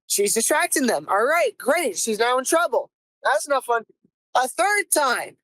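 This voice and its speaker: A young woman with a high, bright-sitting voice tells a workday story in an animated, exasperated way, swearing as she goes. The sound is dry and close, with almost no room around her. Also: measured pace, dry recording, poor audio. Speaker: podcast host. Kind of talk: comic first-person storytelling.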